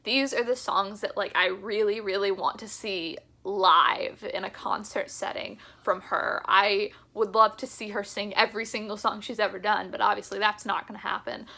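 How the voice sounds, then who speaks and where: Bright-voiced chatty young woman vlogger. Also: mid-range voice, creaky. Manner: enthusiastic, chatty, laughs often. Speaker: music vlogger. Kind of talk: casual chat to camera.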